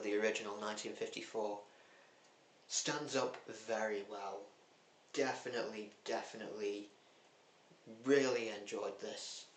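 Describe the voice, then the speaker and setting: A man talking casually and bluntly about films he watched, with a cheeky, chatty manner. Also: lowish voice. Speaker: film vlogger. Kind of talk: casual film review chat. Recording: echoey room with faint hum.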